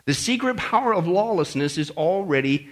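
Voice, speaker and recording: A man preaching a prophecy sermon, emphatic and animated, often checking in with "okay?" and mocking asides. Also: high-pitched, normal speed.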